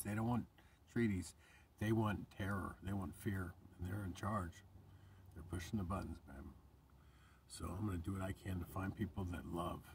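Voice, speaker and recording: A man's voice: fairly low pitch, vocal fry, far from the mic, slight background noise. A man giving an emotional, rambling spiritual monologue to camera, choked up and sighing, sometimes dropping to a whisper. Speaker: vlogger.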